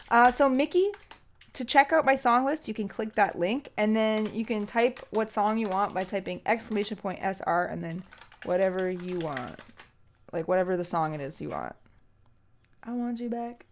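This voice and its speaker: A woman's voice: medium pitch, normal speed. A young woman streamer chatting casually with her viewers, emotional and teary, rambling with many fillers. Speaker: streamer and singer. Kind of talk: casual live-stream chat.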